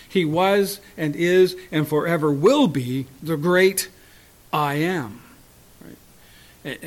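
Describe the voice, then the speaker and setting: Unhurried male Bible study teacher, fairly high voice, chuckles often and leans hard on scripture.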